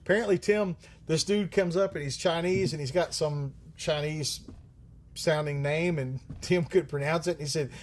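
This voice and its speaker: A man's voice: fairly high pitch, moderate pace, a little hiss or hum. A man hosting a livestream who answers viewer questions in a rambling, joking way, swearing often and using many fillers. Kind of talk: casual live-stream chat.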